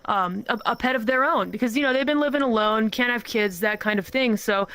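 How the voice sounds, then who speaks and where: A woman telling a story in casual chat with friends, playful and animated, with many asides. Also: fairly high pitch, brisk. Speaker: storyteller among a group of streamers.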